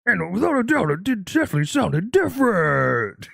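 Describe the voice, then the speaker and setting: A man doing an exaggerated, growled impression of a male death metal vocalist, with a gravelly voice. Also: high voice, very animated, moderate pace, a bit bright, dry recording, studio quality, pitched above the performer's own voice, heavily acted. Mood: growling.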